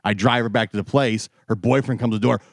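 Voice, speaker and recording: A man's voice: mid-range voice, quick pace, no echo. A man in a radio studio tells a story with lots of life, jumping into voices for the people in it. He is recorded dry and close on the mic. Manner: lively storyteller acting out voices. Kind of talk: casual radio banter.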